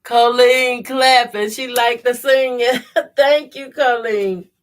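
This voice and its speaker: A woman's voice: a little high, steady tone, slow pace. A middle-aged woman hosting a sewing livestream, chatting casually and laughing often, her voice congested from her sinuses. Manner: chatty, laughs often, reads viewer comments aloud. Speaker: quilting sew-along host. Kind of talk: casual chat while sewing.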